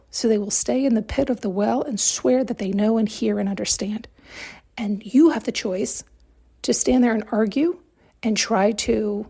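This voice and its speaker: Emphatic woman podcaster, slightly high voice. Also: creaky, mellow, husky. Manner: emphatic, rhetorical questions, conversational. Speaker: podcast host. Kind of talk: reflective spiritual monologue.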